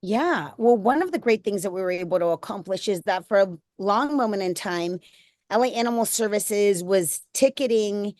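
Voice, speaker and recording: A woman's voice: mid-range voice, lively intonation, moderate pace, a little mellow, no room sound. A woman in her thirties, a nonprofit founder speaking as an interview guest, heartfelt and rambling with many fillers and restarts. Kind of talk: candid conversational interview.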